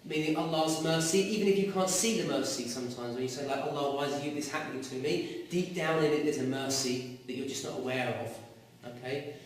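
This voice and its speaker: A man teaching a class, explaining words and questioning his students in a lively way. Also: fairly high pitch, fairly quick, hardly any pauses, a little hiss or hum. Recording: echoey classroom recorded from far off.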